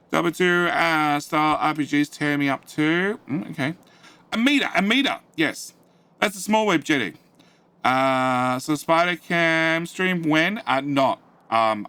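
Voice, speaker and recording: Male game streamer, casual rambling chat to viewers, fairly high and bright voice, offhand swearing. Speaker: gaming live streamer. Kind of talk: casual live-stream chat, reading chat aloud. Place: home studio.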